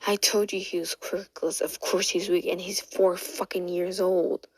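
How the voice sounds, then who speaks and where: A woman's voice: lowish voice, flat delivery, measured pace, slightly rough, dry recording. A woman voicing a stern male villain mastermind who scolds a henchman in a fan story. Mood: scolding. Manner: scolding, angry.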